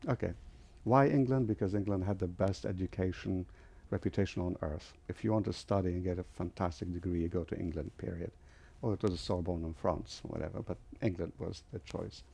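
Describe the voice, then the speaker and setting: Older guy, gravelly low voice, vivid storyteller. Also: steady tone, brisk, dark tone. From Lebanon. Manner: vivid storyteller, acts out other people's voices. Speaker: guest, airline founder. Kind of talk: storytelling interview.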